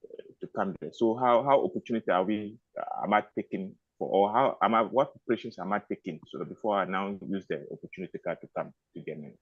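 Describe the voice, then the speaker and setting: A man with a low voice calls in to a webinar as a nurse and asks his question haltingly. His audio sounds dry and dull, like lo-fi call sound. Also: slightly rough, no echo. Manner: hesitant, halting. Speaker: caller, nurse. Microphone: video call.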